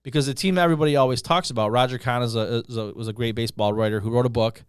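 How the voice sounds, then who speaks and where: A man's voice: mid-range voice, steady tone, racing, smooth, no room sound, clean studio sound. A middle-aged man from Utica, New York, telling a story as a guest author, rambling with fillers and restarts. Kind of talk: casual podcast chat.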